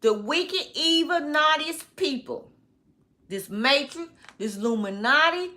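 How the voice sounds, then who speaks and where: A woman vlogger, talking slowly in a rambling monologue, repeating phrases and often breaking into laughter. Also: high-pitched, animated, bright, forceful tone.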